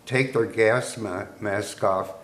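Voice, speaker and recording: With a fairly low, steady and slightly bright voice, this American man in his eighties speaks slowly as a guest. He's a veteran sharing war memories in an unhurried way, punctuated by chuckles. The room echoes, and faint noise sits underneath.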